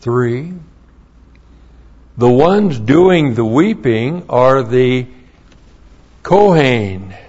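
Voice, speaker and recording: A man's voice: mid-range voice, expressive, extremely slow, pauses often, darkish tone, dull audio. A man preaching a verse-by-verse Bible lesson, spelling out Hebrew words letter by letter and repeating key phrases. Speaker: pastor.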